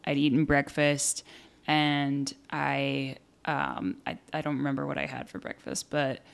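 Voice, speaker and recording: A woman in casual conversation, telling a childhood story with lively acted-out quotes and casual swearing. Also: rumbling low, unhurried, creaky, clean tone.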